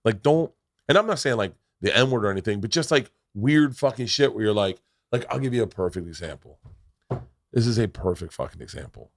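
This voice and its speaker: A man's voice: on the low side, a little fast, creaky, dry recording. A man hosting a podcast in casual chat, telling stories with lots of swearing and acting out the people in them. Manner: animated storyteller, swears a lot, acts out voices in anecdotes. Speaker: podcast host.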